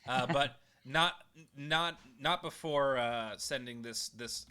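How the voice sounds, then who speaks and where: A man's voice: mid-range voice, measured pace, few pauses, bright, forceful tone, clear, resonant tone. A man hosting a casual livestream chat, rambling with lots of stammered restarts. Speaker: host.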